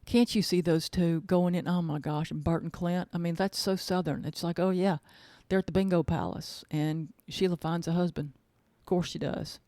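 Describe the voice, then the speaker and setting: A woman's voice: lowish voice, fairly even intonation, moderate pace, hardly any pauses, warm tone, no echo. A woman hosting her own podcast as an author, chatting casually in a gushing, rambling way and repeating words for emphasis. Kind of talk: casual chat.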